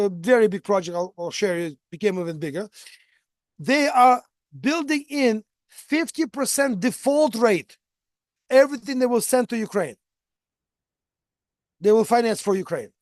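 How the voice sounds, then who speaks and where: High-voiced American man giving a chatty lecture. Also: no room sound, studio quality. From United States. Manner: conversational, frequent "right?" tag questions and restarts. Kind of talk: lecture with anecdotes.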